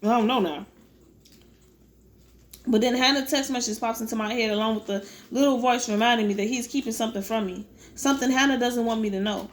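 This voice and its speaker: A woman's voice: a little high, fairly even intonation, brisk. Woman reading a novel aloud, stumbling. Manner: stumbling, rereading words. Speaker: audiobook reader.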